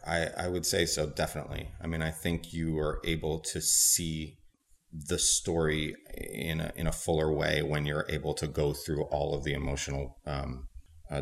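A young adult man, a stage actor, answering interview questions in a thoughtful, measured way. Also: rumbling low, vocal fry. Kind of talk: interview conversation.

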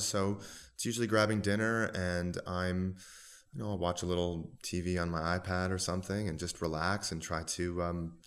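A man's voice: deep voice, fairly bright tone. A man, a stage actor, talking in an interview in a rambling, hesitant way with many fillers. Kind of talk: interview conversation.

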